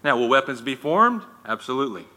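A man's voice: mid-range voice, big pitch swings, brisk, pushed and bright. A man preaching a sermon in a conversational way, with frequent restarts and folksy asides. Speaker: pastor. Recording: long reverb in a hall.

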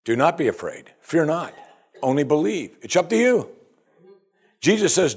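A man's voice: on the high side, normal speed, husky. A man preaching a sermon as pastor, talking straight to his listeners with rhetorical questions. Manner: animated, rhetorical questions to the congregation.

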